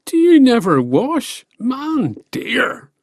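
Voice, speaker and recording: A man voicing a brash male Irish giant in an animated storybook, shouting insults across the sea. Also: extremely high pitch, takes it slowly, no echo, studio quality, voice pushed up, full character voice. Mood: taunting. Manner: shouting taunts.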